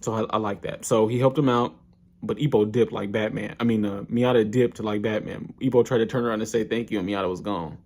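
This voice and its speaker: A man casually recapping an anime episode, telling it with animated slang. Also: on the low side, brisk.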